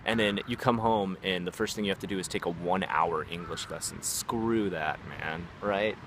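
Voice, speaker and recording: A man with a low voice tells stories in a loose, rambling vlog, full of fillers. He acts out the people in his stories in quick asides. Faint traffic hums in the background. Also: fairly bright tone. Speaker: vlogger, former English teacher. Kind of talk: casual storytelling vlog.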